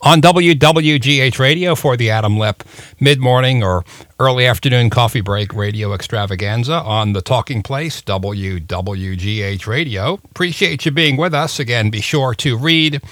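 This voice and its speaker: A man's voice: mid-range voice, fairly bright tone, dry recording. Radio host guy, chatty, cracks jokes, dry close sound. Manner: chatty, jokey, halting with fillers. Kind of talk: radio talk show interview.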